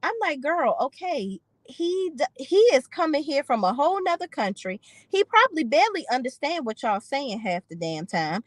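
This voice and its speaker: A woman's voice: high voice, big pitch swings, moderate pace, few pauses, no room sound, low-quality recording. A woman giving an opinionated, sassy recap of a reality TV episode, slipping into voices for the people she quotes. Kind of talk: casual recap commentary.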